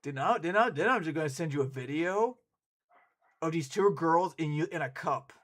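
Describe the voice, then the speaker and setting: A man streaming and chatting casually with his viewers, excitable and quick to laugh and swear. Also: on the high side. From United States.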